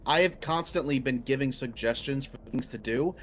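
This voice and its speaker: A man's voice: medium pitch, moderate pace, slight background noise. A man ranting in casual chat about a coworker, heated and swearing, acting out quoted lines in a raised voice. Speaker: podcast co-host. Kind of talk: casual chat, venting story.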